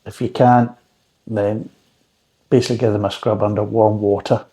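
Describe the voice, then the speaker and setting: A man's voice: lowish voice, level tone, moderate pace, warm tone. A man reviewing drinks in a casual, rambling recipe chat, with dry joking asides.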